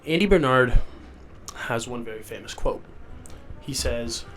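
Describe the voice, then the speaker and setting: Very animated yet measured in pace, a young man's mid-range, fairly bright voice carries his rambling solo podcast over soft background music. He's sick, sniffling, and loopy, poking fun at himself from a rented house's basement.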